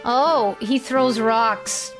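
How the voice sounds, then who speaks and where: Slow-talking, self-mocking woman streamer. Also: fairly high pitch, music in the background, low-quality recording. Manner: rambling, self-mocking, many restarts. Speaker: VTuber game streamer. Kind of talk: casual gameplay commentary.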